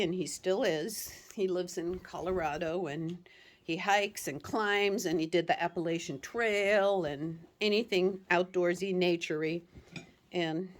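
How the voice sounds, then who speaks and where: A middle-aged woman talks slowly and unhurriedly, her voice sitting a little low. She rambles gently through a casual show-and-tell, dotting it with soft laughs and fillers. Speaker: cross-stitch shop owner and vlog host.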